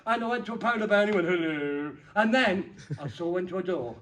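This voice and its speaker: Excitable high-voiced comic magician. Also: male voice, very fast. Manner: excitable and playful, with sudden loud bursts and jokey asides. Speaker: comedy magician. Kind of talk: stand-up magic act with audience banter.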